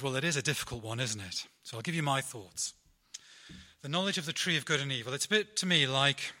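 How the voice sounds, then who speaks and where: A middle-aged Englishman delivering a sermon with a very bright, forceful tone. He keeps it conversational and self-deprecating and talks straight to his congregation. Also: medium pitch. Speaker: preacher.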